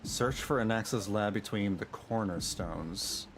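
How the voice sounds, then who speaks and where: A man's voice: lowish voice, measured pace. Chatty man musing over a game stream. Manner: musing, chatty, chuckles at himself. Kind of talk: casual livestream commentary. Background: game music.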